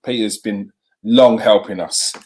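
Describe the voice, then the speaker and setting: A man's voice: lowish voice, measured pace, crowd noise. A man hosting a live show, chatting with viewers and repeating himself as he goes. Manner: lively, talks to the chat, repeats himself. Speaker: host.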